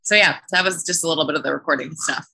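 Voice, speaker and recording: A woman's voice: deep voice, rapid-fire, creaky, pushed and bright, breathy edge. A woman, a cast member on the show, chatting casually and laughing often. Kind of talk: casual chat.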